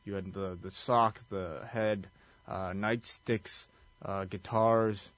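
A man's voice: fairly low pitch, steady tone, slow pace, a bit bright, dry recording. A man co-hosting a podcast, chatting in a laid-back, rambling way with lots of fillers. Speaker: podcast co-host. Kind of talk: casual recap chat.

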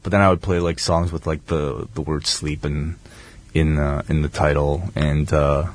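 A man in his thirties co-hosting a casual podcast chat, with a calm, monotone, rambling delivery. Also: a bass voice, normal speed. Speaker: podcast co-host.

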